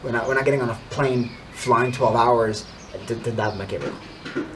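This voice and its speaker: A man's voice: medium pitch, a little fast, noisy background, close to an everyday voice. A man doing a worried, exasperated grown son. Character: worried adult son, pleading.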